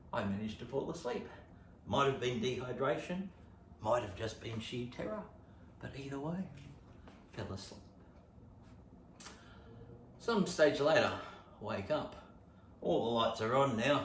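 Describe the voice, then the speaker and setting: A man with an Australian accent rehearsing stand-up, telling a story with lots of swearing and sudden jumps from whispers to shouts. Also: mid-range voice, animated, a little slow, pauses often. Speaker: stand-up comedian. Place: room at home. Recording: echoey room, distant mic.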